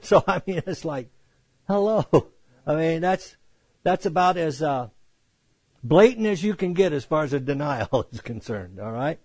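A man's voice: fairly high pitch, unhurried, husky, no echo. A man preaching a Bible lesson, reading verses and explaining them in an emphatic, conversational way. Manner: emphatic, conversational, animated quoting of scripture. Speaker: pastor. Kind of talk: expository Bible teaching.

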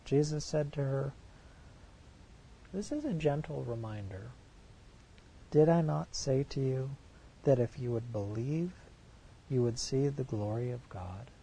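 A man's voice: mid-range voice, measured pace, creaky, pauses often, warm tone, slight background noise, low-quality recording. A man preaching a sermon, reading scripture verses aloud and commenting on them with rhetorical questions in an earnest, emphatic way.

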